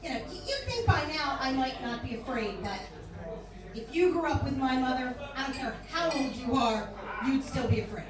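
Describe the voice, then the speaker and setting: A woman's voice: sits high, expressive, normal speed. A woman in her fifties from Philadelphia doing a brash, salty stand-up set in a bar. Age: 50s. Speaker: stand-up comedian. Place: bar with live audience. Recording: echoey room from far off, crowd.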